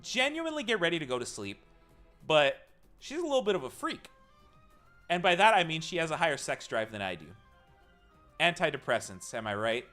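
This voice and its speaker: A young man streaming live, telling a personal story to his chat in a casual, animated way, laughing often and swearing freely. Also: on the high side, a little fast, long pauses, faint music behind.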